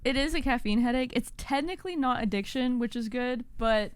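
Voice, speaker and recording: A woman's voice: fairly high pitch, fairly quick, clean tone, no room sound. A Canadian woman with a Canadian accent co-hosting a podcast in easygoing casual chat, laughing often. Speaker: podcast co-host.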